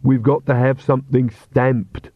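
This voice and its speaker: A doleful, put-upon servant grumbles in a slow, deadpan drawl, as a male narrator puts him on. The voice stays close to the reader's own, dry and a little dull. It is a storybook reading. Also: mid-range voice, dry recording, close to an everyday voice. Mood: grumbling deadpan. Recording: dull, dry audiobook recording.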